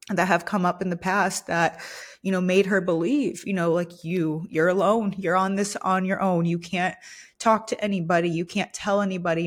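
A woman's voice: on the low side, steady tone, normal speed. A young woman hosting a personal podcast, speaking candidly and vulnerably with many fillers, emotional and close to tears. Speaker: podcast host. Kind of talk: personal reflective monologue.

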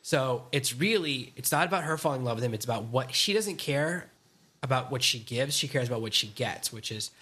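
A man's voice: medium pitch, animated, brisk, sharp tone, slightly rough. A middle-aged man co-hosting a dating podcast, lecturing with firm opinions in casual chat. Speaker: podcast co-host.

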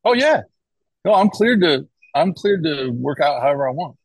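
Middle aged american guy, husky low voice, rambly, keeps restarting and going "right?", dry sound. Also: sing-song, moderate pace, no echo, rough recording. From United States. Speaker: guest, cardiac arrest survivor. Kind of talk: casual interview talk.

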